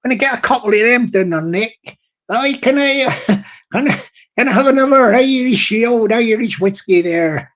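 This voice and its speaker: A man's voice: very high voice, animated, normal speed, a bit bright, muffled recording. A man voicing a chatty Irish man who is ordering tea and whiskey, in playful sing-song mimicry. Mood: jovial.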